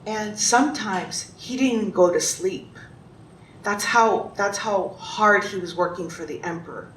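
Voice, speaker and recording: A woman telling a story to children in an animated way, asking them questions as she goes. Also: unhurried. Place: congregation hall. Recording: roomy, distant, faint rumble.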